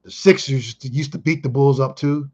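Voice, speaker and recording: A man in his thirties from Chicago talks through an old memory, emphatic and full of swearing. His voice sits at a medium pitch. The recording sounds dull and lo-fi. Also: brisk. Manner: excitable, emphatic, heavy swearing. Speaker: vlogger. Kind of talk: casual reminiscing monologue.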